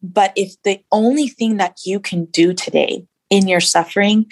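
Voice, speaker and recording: A woman's voice: medium pitch, fairly even intonation, moderate pace, hardly any pauses, a little mellow, breathy edge. A woman guest in an interview, sharing her personal faith story in an earnest, reflective way with many fillers.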